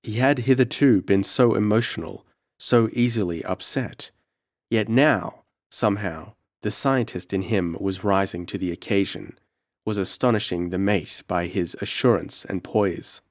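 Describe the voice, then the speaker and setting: Low-voiced guy reading a creepy audiobook, slow and dramatic, dry close mic. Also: no room sound. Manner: measured, dramatic horror reading. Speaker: audiobook narrator. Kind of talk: scripted narration.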